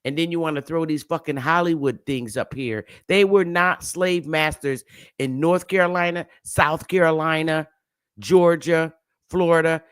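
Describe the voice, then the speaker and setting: A man's voice: on the high side, steady tone, normal speed, fairly bright tone, clean tone, dry recording, clean studio sound. A man hosting a talk show, speaking with impassioned indignation and stammering repeats. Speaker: host. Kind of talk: emotional commentary.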